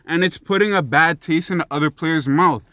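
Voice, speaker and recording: A young man rants about sports in a heated, swearing vlog voice. His voice sits high and sounds bright and forceful. The recording is dry and close. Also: normal speed, no echo. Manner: profane, heated and emphatic. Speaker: sports commentary vlogger. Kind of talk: ranting sports commentary.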